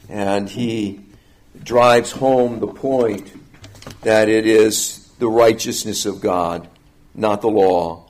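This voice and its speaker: A male preacher walks through scripture in an expository teaching style. His delivery is emphatic, climbing on key phrases and then dropping back. He slows down deliberately to press each point home. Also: fairly low pitch, a little mellow. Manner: emphatic, rising and falling delivery with deliberate slowing on key words.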